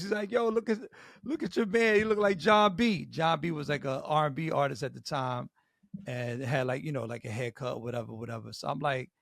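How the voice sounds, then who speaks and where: A middle-aged man co-hosting a podcast, telling an animated story full of slang. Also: fairly high pitch, vocal fry, no room sound, studio quality. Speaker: podcast co-host.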